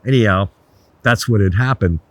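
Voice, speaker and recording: A man's voice: lowish voice, moderate pace. Blunt older man telling stories. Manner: blunt, swears, animated anecdotes. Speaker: guest, resort founder. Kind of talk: casual storytelling interview.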